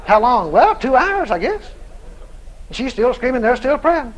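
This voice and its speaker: Preacher guy telling a story, really high voice that jumps all over, gets loud and excited, faint hiss behind. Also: normal speed, rough recording. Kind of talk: storytelling sermon.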